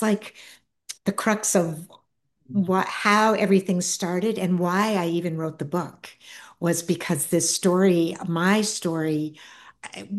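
This is a middle-aged woman with a somewhat low voice, telling her own story as an interview guest. She talks softly and earnestly. Her thoughts often break off and restart. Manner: soft-spoken, earnest, halting with many restarts. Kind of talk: reflective personal storytelling.

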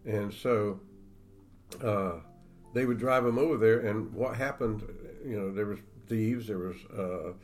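A man's voice: fairly low pitch, measured pace, faint music behind. Folksy man reading his own book. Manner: folksy, clears his throat often. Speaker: author, guest. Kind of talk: casual chat and book reading.

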